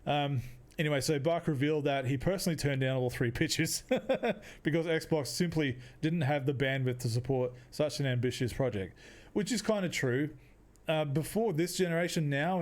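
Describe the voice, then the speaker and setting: A man's voice: mid-range voice, darkish tone. A young man hosting a casual solo podcast, rambling, laughing often and restarting his sentences. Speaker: podcast host.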